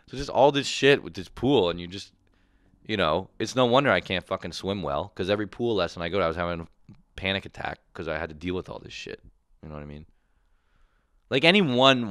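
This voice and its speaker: A man hosting a comedy podcast, telling a profane, animated solo rant with quick voiced impressions. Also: low voice, clean tone, no echo, studio quality.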